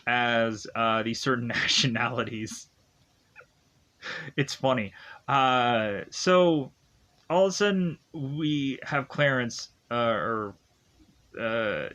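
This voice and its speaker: A man casually recapping a movie plot, halting often and chuckling as he goes. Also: mid-range voice, fairly bright tone. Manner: halting, filler-heavy, chuckling. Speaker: film reviewer.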